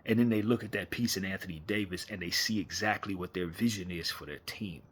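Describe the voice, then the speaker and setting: A man's voice: low voice, fairly quick, slightly rough. A man hosting a casual late-night fan chat on camera, talking animatedly and rhetorically, often repeating himself. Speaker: fan commentary host.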